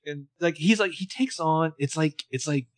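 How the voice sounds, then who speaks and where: A man co-hosting a podcast, recapping a TV episode with jokey, animated commentary. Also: on the high side, moderate pace. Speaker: podcast co-host. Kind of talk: casual chat.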